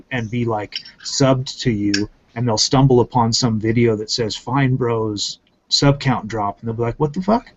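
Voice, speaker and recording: A man ranting in casual commentary, swearing often and repeating himself for emphasis. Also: medium pitch. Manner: profane, emphatic, repetitive ranting. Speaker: channel host. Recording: muffled lo-fi audio.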